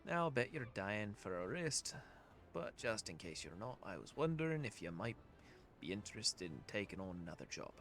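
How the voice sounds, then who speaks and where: A gruff, brash guild tavern boss, put on by a man reading game dialogue, spits out rough working-class slang. The voice sits low, but the delivery swings widely in pitch. Faint music plays underneath. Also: a bit bright.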